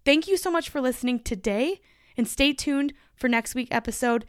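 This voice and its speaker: A woman's voice: high-pitched, moderate pace, clean tone, dry recording, studio quality. A woman hosting her own podcast in a chatty, emphatic solo monologue, laughing easily as she talks. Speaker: podcast host.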